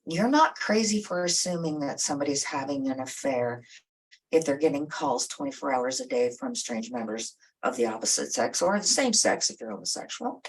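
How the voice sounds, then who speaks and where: A woman's voice: a bass voice, expressive, normal speed, breathy edge. A woman therapist giving direct, coaching advice in a talk. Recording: voice a bit far from the mic.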